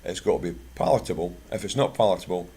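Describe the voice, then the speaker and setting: Here the Scottish guest at the bird club talks quickly in a low, mellow voice with a breathy edge. His talk stays casual and down-to-earth, blending product tips with stories.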